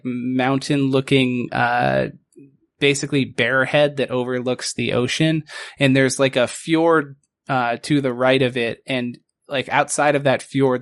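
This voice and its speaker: A man narrating a tabletop game as game master, rambling and halting with many fillers. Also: mid-range voice, no room sound.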